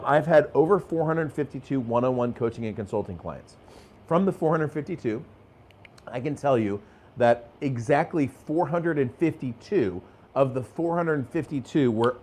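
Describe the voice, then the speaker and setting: Energetic, emphatic middle-aged man. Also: medium pitch. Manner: energetic, emphatic, with frequent restarts and chuckles. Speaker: host of a live sales training show. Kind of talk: live motivational sales talk to viewers in chat.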